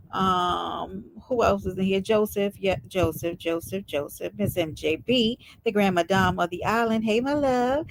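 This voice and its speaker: A middle-aged woman hosts a casual live stream chat in a calm, soft-spoken voice. She greets her viewers one by one and speaks at an easy, unhurried pace. Her voice is set at a middle pitch, with a faint hiss in the background. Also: vocal fry.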